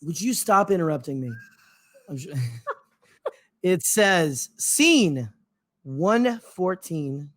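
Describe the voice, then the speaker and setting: A man's voice: fairly high pitch, very animated, slow, long pauses, fairly bright tone. A man co-hosting a podcast in casual chat, rambling off on tangents with lots of fillers. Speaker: podcast co-host.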